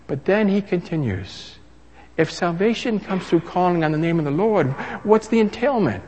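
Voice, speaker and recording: Animated male preacher in a reverberant hall. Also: sits high, normal speed. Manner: animated, rising to emphatic crescendos. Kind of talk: sermon. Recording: long reverb of a large hall.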